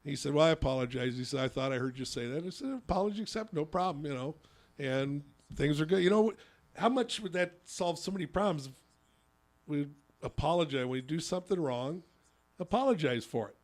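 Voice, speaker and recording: A man who hosts a radio talk show and coaches youth softball, telling a story with rambling restarts. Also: a little high, fairly quick. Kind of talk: casual radio chat.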